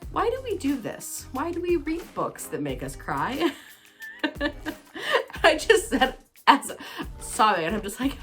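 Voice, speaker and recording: Bubbly woman chatting, pitch swinging widely. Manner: bubbly, excitable, self-teasing. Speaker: book vlogger. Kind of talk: casual chatty book talk.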